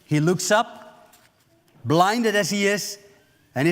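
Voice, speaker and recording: A male pastor preaching in a church, with a high-pitched voice carried by a long reverb through the sanctuary. He tells the story vividly and slips into the voices of the people in it as he speaks. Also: slow pace, pauses often. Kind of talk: sermon.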